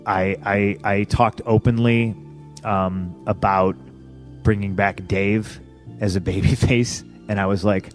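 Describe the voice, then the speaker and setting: A man's voice: fairly low pitch, measured pace, faint music behind. A man in his thirties, a pro wrestler as a podcast guest, telling stories bluntly and with constant swearing. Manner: profane, blunt, animated when quoting others. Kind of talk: casual storytelling interview.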